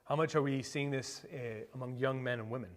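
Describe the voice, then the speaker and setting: A male pastor preaching a sermon in a conversational way, with rhetorical questions and sudden bursts of excitement. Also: medium pitch, brisk. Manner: conversational preaching with asides and fillers.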